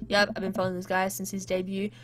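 A woman reading aloud as a soft-spoken, bookish middle-aged male teacher in a game, quiet and earnest. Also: mid-range voice, completely flat delivery, fast talker, background noise, lightly acted. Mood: subdued. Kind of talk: reading a game's dialogue aloud. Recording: game music playing behind.

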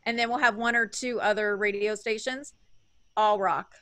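A woman's voice: mid-range voice, fairly even intonation, moderate pace, sharp tone. A woman co-hosting an interview podcast, talking in a bubbly, chatty way. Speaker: podcast co-host. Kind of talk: casual interview chat.

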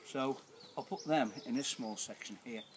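Outdoors in his garden, an older man talks casually at a medium pitch and moderate pace, rambling in plain words with many restarts. Slight background noise and birdsong come through on the camera held by whoever's filming, with loud outdoor ambience.

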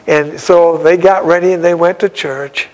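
A man's voice: fairly high pitch, steady tone, moderate pace, a little mellow, poor audio. A man, an evangelist, telling a story in a sermon in a folksy, exclamatory way with frequent chuckles.

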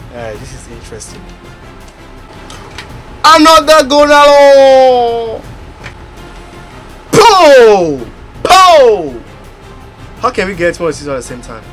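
A man commenting on his video game pack opening, excitable and bursting into loud exclamations. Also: very high voice, takes it slowly, long pauses, soft background music. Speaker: gaming YouTuber.

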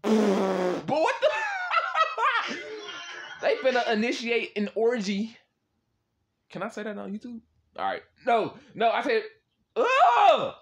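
A young man casually chatting with strangers on a video chat app, swearing and loudly reacting. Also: high voice, animated, moderate pace. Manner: slangy, swears often, loud exclaiming reactions and laughs.

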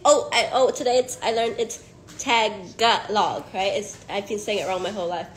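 A woman's voice: mid-range voice, fast talker, a little hiss or hum. A young woman hosting a casual live stream, giggly and playfully teasing as she chats. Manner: giggly, playful teasing, switches between English and Thai.

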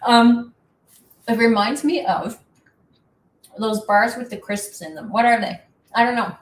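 A woman's voice: mid-range voice, distant mic, slight background noise. Chatty woman in an echoey room. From Canada. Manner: chatty, rambling, self-deprecating. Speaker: host. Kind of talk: casual chat.

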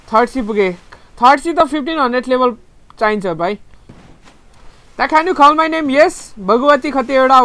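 Bright-voiced Nepali young man streaming games. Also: very high-pitched, clean tone, no room sound. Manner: chatty, laughs often, bursts into excited yelling. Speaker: game streamer. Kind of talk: live gaming stream, reading chat.

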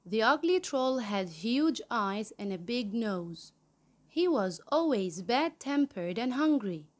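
A woman reads a children's picture-book story aloud, taking each phrase slowly and clearly. Her voice sits fairly high, and she is in no hurry at all. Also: big pitch swings. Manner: slow, clear storybook reading. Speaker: storyteller host of the channel.

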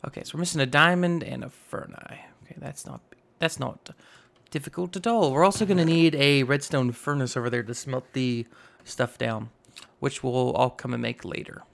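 A man in his twenties with a slightly raspy voice, casually narrating a building game and rambling as he goes. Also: mid-range voice, normal speed, fairly bright tone. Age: 20s. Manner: rambling, self-teasing, narrates each step aloud. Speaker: gaming YouTuber. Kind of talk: casual Minecraft let's play commentary.

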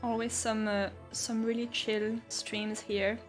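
Young woman streamer, slightly high voice, giggly and chatty, soft music underneath. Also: level tone, takes it slowly. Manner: giggly, chatty, reads chat messages aloud. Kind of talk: casual chat with live chat while painting.

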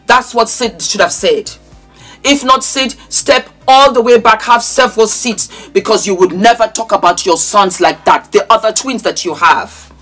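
A woman's voice: fairly high pitch, moderate pace, a bit bright, soft background music. A woman in her fifties giving impassioned commentary, speaking straight to the person she is talking about in an emotional, preachy way. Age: 50s. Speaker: vlogger commenting on celebrity news. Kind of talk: impassioned direct-address commentary.

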